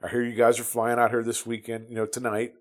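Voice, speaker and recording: A man's voice: medium pitch, monotone, fast talker. A man in his fifties from the United States, telling his Navy stories in a casual, rambling way with many restarts and fillers. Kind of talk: casual storytelling.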